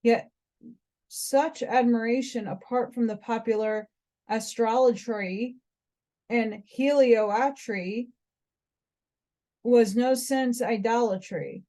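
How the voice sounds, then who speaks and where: A woman's voice: a little high, takes it slowly, pauses often, mellow. An American woman reading a dense old book aloud, stumbling over hard words and restarting them. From United States. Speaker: reader.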